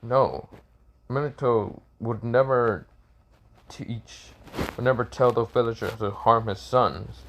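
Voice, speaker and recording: A man's voice: medium pitch, slow, creaky, a bit bright, a little hiss or hum. A man voicing an old male village leader who protests earnestly in disbelief, in a fan-made story. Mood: shocked.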